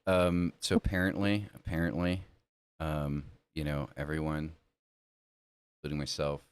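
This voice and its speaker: A man's voice: a bass voice, little pitch movement, unhurried, smooth. An American man hosting a casual podcast chat, laid-back, swearing and laughing often. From United States. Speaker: podcast host.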